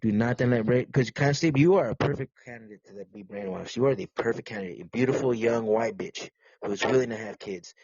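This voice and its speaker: A man's voice: mid-range voice, brisk, darkish tone, breathy edge, no echo, dull audio. A man hosting a podcast, rambling crudely and teasing with lots of restarts. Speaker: podcast host. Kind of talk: casual rambling podcast rant.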